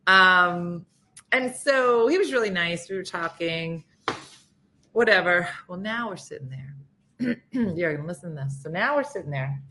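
Woman guest, comic storyteller, bright and punchy, does quick character voices. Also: fairly low pitch, a little hiss or hum. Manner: animated, acts out quoted people.

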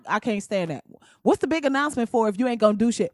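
A woman's voice: a little high, fast, a little mellow, no echo, clean studio sound. A woman commentator delivering a blunt, profane comedic rant, slipping into mocking voices.

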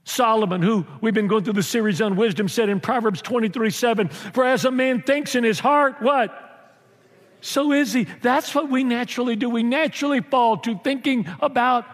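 A man preaches with animated, joking energy and slips into little acted voices. His voice sits fairly high for a man. Long reverb from a church hall trails behind him. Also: normal speed. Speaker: pastor. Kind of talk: sermon.

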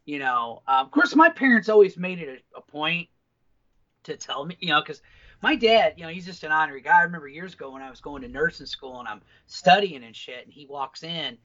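A man with a high, bright voice tells rambling, profane family stories in casual podcast chat. The audio is slightly dull and lo-fi. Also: expressive, fairly quick. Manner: profane, rambling anecdotal storyteller. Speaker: podcast co-host.

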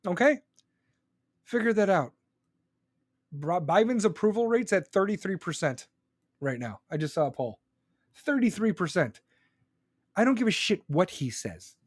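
A man's voice: sits high, sing-song, unhurried, long pauses, no echo, clean studio sound. A man ranting angrily and sarcastically about politics in a profane, live-stream commentary style.

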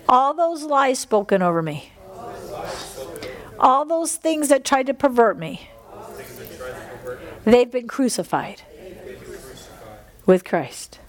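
Speaking slowly with long pauses, a woman in a high-pitched, very animated voice preaches and prays fervently to her congregation. It's a sermon with prayer at a church service, marked by repeated phrases and exhales between lines.

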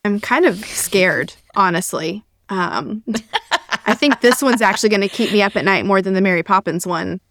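A woman's voice: medium pitch, normal speed, a bit bright, soft background music. A young woman co-hosting a casual podcast chat, wry and teasing. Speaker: podcast co-host.

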